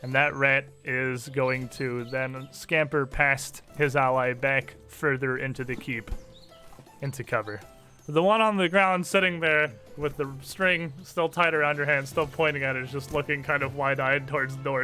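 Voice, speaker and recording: A man runs a tabletop game, his voice bright and crisp. He describes the action loosely and laughs easily as he narrates. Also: medium pitch, steady tone, moderate pace, soft background music. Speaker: game master.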